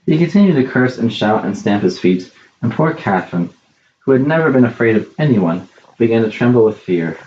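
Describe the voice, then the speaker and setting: A man's voice: mid-range voice, big pitch swings, fairly quick, darkish tone, reverberant, muffled recording. Man reading a storybook aloud. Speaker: narrator. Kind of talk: storybook narration.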